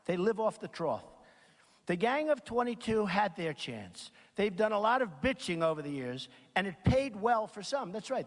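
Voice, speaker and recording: Animated man at a rally in a big hall. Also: high-pitched. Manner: rambling, repetitive, reads quotes then riffs off them. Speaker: campaign speaker. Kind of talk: campaign rally speech. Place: large packed auditorium. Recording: long reverb of a big hall. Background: crowd in a large hall.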